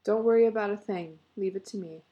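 A woman's voice: medium pitch, fairly quick, lo-fi sound, close to an everyday voice. Woman reading as an eager, fussing husband. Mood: coaxing. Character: earnest husband, eager and fussing, middle-aged.

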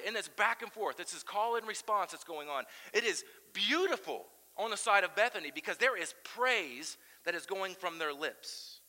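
A man preaching a sermon as pastor, animated and swinging between loud emphasis and quiet intensity. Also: high-pitched, normal speed, few pauses, long reverb tail, low-quality recording. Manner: animated preaching, chanting crowd shouts aloud.

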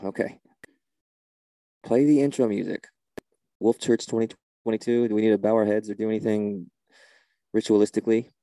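An exasperated man in a comedy sketch, stumbling over his words as he gets more and more fed up. His low voice has a gravelly edge and a dark tone, recorded dry and close. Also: fairly even intonation, moderate pace, long pauses, no echo. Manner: exasperated, flustered, repeating himself.

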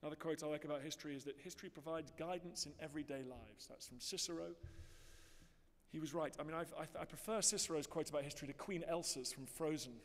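A man with an English accent addresses a conference audience. His voice sits slightly high, and he speaks with earnest emphasis. His words carry a long reverb from the large hall. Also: quick pace. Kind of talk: public speech.

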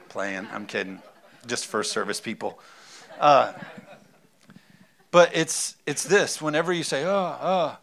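A man's voice: mid-range voice, fairly bright tone. A man preaching a sermon in a conversational way, acting out little asides and reading scripture aloud. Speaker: pastor.

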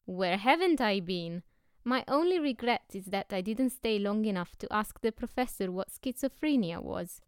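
A woman reading the lines of a mysterious foreign male professor, grave and courteous in an unhurried way. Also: medium pitch, smooth, dry recording, clean studio sound, natural voice.

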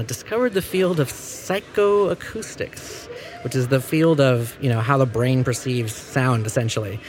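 A man who plays in a hardcore band, talking casually in an interview and acting out quotes with lots of filler words. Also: medium pitch. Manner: animated storyteller, acts out quotes with many fillers. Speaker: touring musician in a hardcore band.

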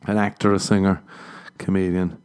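A man's voice: sits low, flat delivery, normal speed, a little mellow, clear, resonant tone. A man telling stories as a comedian and podcast host in a casual monologue. He swears freely, laughs at his own jokes and acts out other people's voices.

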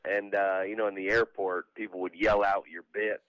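A man's voice: fairly low pitch, flat delivery, normal speed, a bit bright, no room sound, highs cut off. A man from Georgia, a comedian guest, chatting loosely in an interview over a remote line. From Georgia, USA. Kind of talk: casual phone-in interview.

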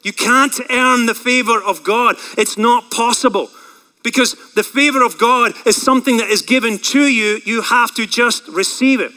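A man preaching a sermon, lively and playful, acting out quoted voices and repeating key words for emphasis. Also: very high-pitched, moderate pace, poor audio. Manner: animated, acts out quoted voices, jokes. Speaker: pastor.

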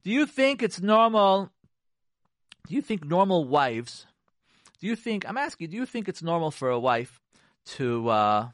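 A man hosts a radio advice talk on marriage, driving his points home through repetition. His lively voice swoops up and down as he acts out sarcastic quotes, and it sits a bit high. It is recorded close and dry. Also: moderate pace, pauses often, no room sound. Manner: repetitive, emphatic. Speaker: radio talk show host.

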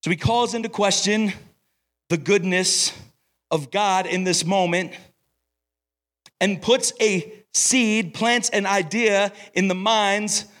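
A young man preaching at a summer camp service, energetic and playful, calling himself over the top. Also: high-pitched. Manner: energetic, playful, self-described as extra. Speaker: camp speaker. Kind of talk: sermon.

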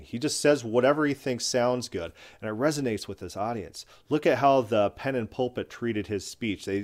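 A man's voice: lowish voice, darkish tone. A man delivering combative, scornful commentary, often repeating words as he rants. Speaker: commentary video host. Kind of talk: opinionated commentary.

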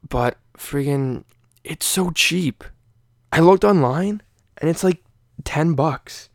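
A man's voice: on the high side, slow pace, creaky, dry recording, studio quality. A young man hosting a casual podcast, rambling and swearing with lots of fillers. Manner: rambling, profane, many fillers. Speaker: podcast host.

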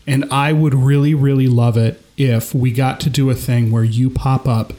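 A man playing in a tabletop game podcast, thinking aloud and laughing as he pitches ideas. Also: little pitch movement, normal speed, dark tone, reverberant. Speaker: tabletop player. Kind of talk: casual tabletop game chat.

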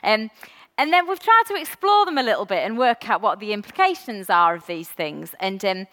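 A woman's voice: mid-range voice, lively intonation, normal speed, pushed and bright. A woman giving a candid, reflective personal talk at a church service, with many ums and restarts. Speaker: church speaker. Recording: long hall reverb.

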